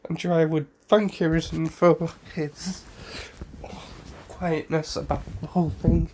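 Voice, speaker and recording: A man's voice: fairly high pitch, fairly even intonation, measured pace, warm tone, slight background noise. A man casually retelling a fan story, rambling with fillers, self-corrections and the odd cough.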